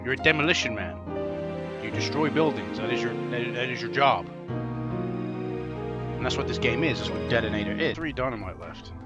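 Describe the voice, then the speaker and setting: A man's voice: medium pitch, lively intonation, normal speed, pauses often, loud music behind the voice. A man giving gameplay commentary, ranting and swearing in frustration at a puzzle game. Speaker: gaming channel host.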